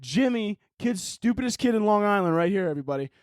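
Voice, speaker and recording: A man's voice: sits high, animated, fast talker, dry recording, studio quality, pitched above the performer's own voice. A man putting on the voice of a pushy, hype-talking entrepreneur who preaches in repeated phrases. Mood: gloating. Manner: preachy motivational patter, repeating himself.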